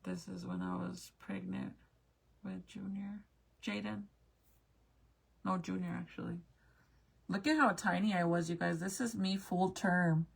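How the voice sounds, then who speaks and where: A woman's voice: on the low side, animated, measured pace, creaky, long pauses, breathy edge. A young woman chatting casually with viewers as she looks back through old family photos, swearing now and then. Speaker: mom vlogger.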